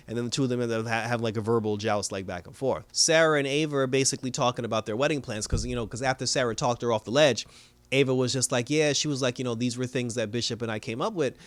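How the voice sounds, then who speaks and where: A man's voice: mid-range voice, brisk, no room sound. A man hosting a casual TV review, retelling an episode with quoted character lines and frequent laughter. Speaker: TV review host.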